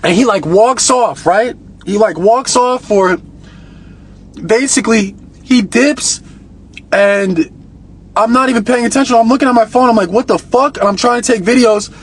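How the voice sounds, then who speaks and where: A man telling a long story on a phone livestream, in a profane, rambling and excitable way. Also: extremely high pitch, normal speed, slightly rough. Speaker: live-streamer. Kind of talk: casual live-stream storytelling.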